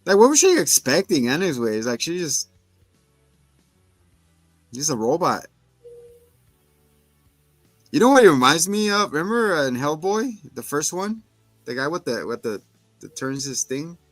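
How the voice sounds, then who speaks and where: A man casually recapping a film for a podcast, retelling scenes with quick voices for the characters. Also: fairly high pitch, sing-song, no echo, soft background music. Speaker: podcast co-host. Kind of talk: casual movie review chat.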